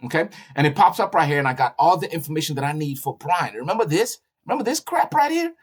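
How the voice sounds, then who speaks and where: A man walking through his business software on a screen share, talking in an animated, salesy way with frequent "okay?" check-ins and restarts. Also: fairly high pitch, fast talker, husky. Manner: restarts and repeats words often. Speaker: broker trainer and business owner.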